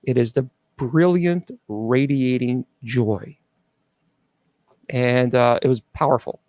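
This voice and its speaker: A man's voice: medium pitch, takes it slowly, darkish tone, dry recording. A middle-aged man hosting a show, earnestly telling a personal story to his audience with frequent restarts and fillers. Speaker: host.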